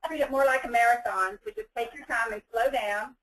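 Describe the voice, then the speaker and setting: A woman's voice: fairly high pitch, brisk, fairly bright tone. Woman, webinar participant, agreeable, distant voice. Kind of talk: webinar discussion.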